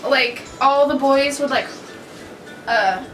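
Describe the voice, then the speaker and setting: A woman's voice: high-pitched, slow, over music. A young woman telling brash, swear-filled stories in a casual chat, laughing as she goes. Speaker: co-host of a couple's vlog. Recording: echoey room from far off.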